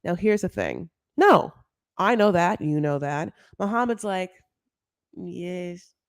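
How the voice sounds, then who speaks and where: A woman's voice: on the low side, lively intonation, a little slow, no echo. A woman casually recapping a reality show, gossipy and full of filler words, calling listeners honey. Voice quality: gravelly vocal fry.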